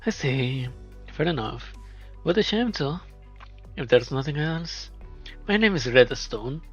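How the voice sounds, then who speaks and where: A man voicing a shrewd, flamboyant female film producer who talks in a smooth, probing, flattering way. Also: fairly high pitch, measured pace. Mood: coaxing. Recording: dull lo-fi, faint music.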